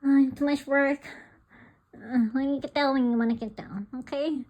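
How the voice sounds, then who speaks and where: A woman's voice: sits high, fairly even intonation, normal speed, darkish tone. Giggly woman coaxing her pet bird. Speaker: pet vlogger. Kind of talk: casual vlog chatter to her pet and viewers.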